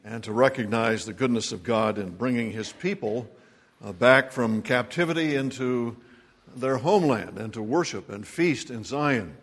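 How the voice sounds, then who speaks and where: A man, a pastor, preaching a sermon in a relaxed, conversational way with frequent filler words. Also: medium pitch, normal speed.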